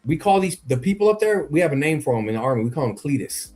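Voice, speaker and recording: Profane, animated storytelling man. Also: on the high side, quick pace, faint music behind. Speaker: podcast co-host. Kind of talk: casual chat.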